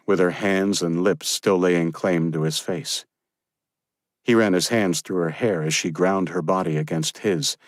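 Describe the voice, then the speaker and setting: A man reading an audiobook as the narrator, in a steady, even storytelling manner. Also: sits low, no room sound, clean studio sound. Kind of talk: scripted narration.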